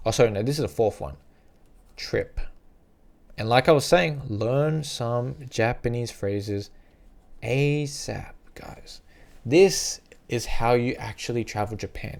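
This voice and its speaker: A man casually giving travel advice to the camera, chatty and repetitive, now and then acting out little scenes in a higher voice. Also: measured pace, gravelly, a little mellow. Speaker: travel vlogger.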